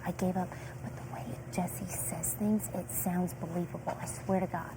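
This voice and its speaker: A woman's voice: fairly low pitch, moderate pace. A young woman, a reality show contestant, talking in casual gossip and acting out what others said with lots of "like". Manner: animated, acts out quotes with filler "like". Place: indoor house. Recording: noisy room feed.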